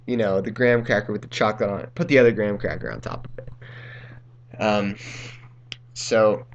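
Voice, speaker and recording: A man's voice: mid-range voice, fairly bright tone. A young man hosting a gaming channel, telling a casual story over gameplay in a rambling way, full of ums and uhs and laughing through lines.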